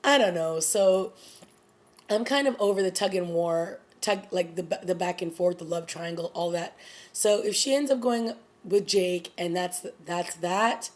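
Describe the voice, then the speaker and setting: A woman's voice: on the low side, a little slow. A woman in her thirties chatting casually through a TV episode review, exclaiming and acting out quotes. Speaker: TV recap vlogger.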